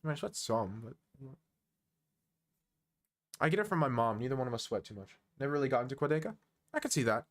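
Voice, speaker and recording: A man's voice: medium pitch, sing-song, fast talker, pauses often. A man of twenty-one with an American accent, chatting casually and teasing viewers while analysing chess on a stream. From United States. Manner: joking, teasing banter, chuckles often.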